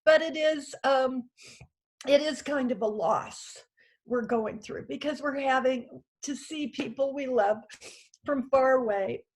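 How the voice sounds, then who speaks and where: A woman in her sixties gives a heartfelt, halting union speech over a video call from her small house, emotional and full of fillers. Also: high-pitched. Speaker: union president addressing a convention.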